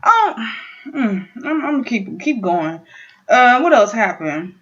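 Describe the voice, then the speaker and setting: A woman's voice: on the high side, slow pace. A woman in her thirties ranting casually and profanely to her viewers as she recaps an awards show. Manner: profane, excitable, talking straight to viewers. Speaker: vlogger. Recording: dull lo-fi home recording.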